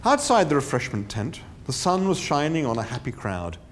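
A man narrating an audiobook with wry, theatrical comic timing. His somewhat high voice swoops and dips animatedly. He leans into the humour of every line. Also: sing-song, normal speed, slight background noise.

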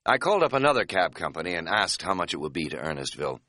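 A man narrating an audiobook in a wry, deadpan way. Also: sits low, fast, dry recording, clean studio sound.

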